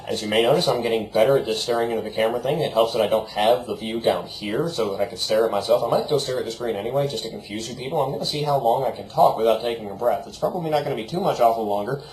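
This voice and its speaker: A young man rambles into a webcam mic from his bedroom at the computer, joking off the cuff at a mid pitch. The room is roomy and echoey, with a faint hiss underneath. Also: very fast, hardly any pauses, darkish tone. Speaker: vlogger. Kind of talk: rambling casual vlog. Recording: roomy echo, faint background noise.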